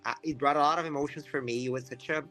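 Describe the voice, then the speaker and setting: A man's voice: on the high side, steady tone, racing, a bit bright, faint music behind. A man hosting an interview, offering admiring remarks and congratulations to his guest. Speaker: interviewer, channel host. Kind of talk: enthusiastic interview questions.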